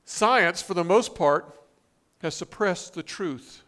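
A man's voice: sits high, slow pace, a bit bright. A man preaching a sermon, reading scripture and quotes with emphatic, rising stress and frequent restarts. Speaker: pastor.

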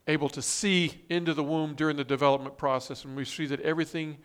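A man's voice: on the high side, flat delivery, fast talker, a bit bright, smooth. A man preaching a sermon, reading scripture and quotes with emphatic, rising stress and frequent restarts. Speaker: pastor.

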